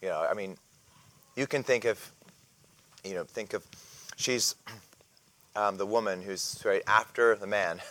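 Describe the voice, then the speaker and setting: Hesitant low-voiced man teaching Bible class. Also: a little slow, pauses often, pushed and bright. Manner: hesitant, many fillers and restarts, clears throat often. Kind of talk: casual Bible lesson.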